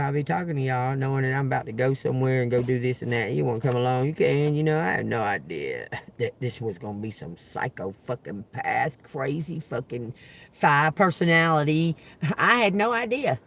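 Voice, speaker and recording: A man hosting a live stream, telling a story to viewers in a profane, animated way and acting out the voices. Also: medium pitch, fairly quick, gravelly. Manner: animated, profane, laughs often, acts out voices.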